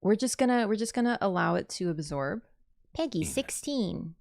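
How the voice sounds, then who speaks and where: A woman talking through a trailer as a YouTuber, rambling and gushing. Her voice sits at an ordinary middle pitch. She swings from loud bursts of excitement into hushed, half-whispered asides. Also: normal speed, vocal fry. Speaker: YouTuber reacting to a game trailer. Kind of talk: excited casual reaction commentary.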